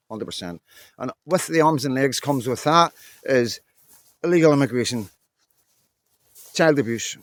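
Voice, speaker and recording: Recorded dry, this mid-range male voice belongs to a vlogger in his fifties with a Northern Irish accent. Strolling on a muddy walk, he speaks to camera in a frank, blunt, casual monologue that rambles across several stories.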